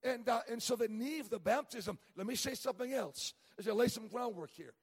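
A middle-aged male evangelist preaches in a church, his voice pitched very high with a husky, breathy edge. He tells humorous stories and trips over quick restarts. A long reverb trails each phrase through the sanctuary. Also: animated. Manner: storytelling with humor, many stammered restarts. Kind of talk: sermon.

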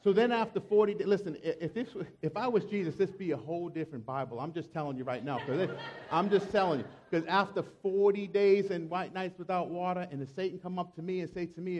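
A man's voice: high-pitched, fast talker, darkish tone, lo-fi sound. A man preaching a sermon in a conversational, joking way, breaking in with emphatic asides. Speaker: pastor.

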